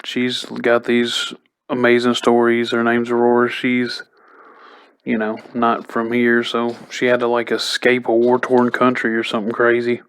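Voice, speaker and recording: Guy recapping a tv episode, smooth voice, pretty flat delivery, lots of "like" and "you know". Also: mid-range voice, measured pace. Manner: chatty, loose retelling full of "like" and "you know". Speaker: TV episode reviewer. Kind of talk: casual spoken recap.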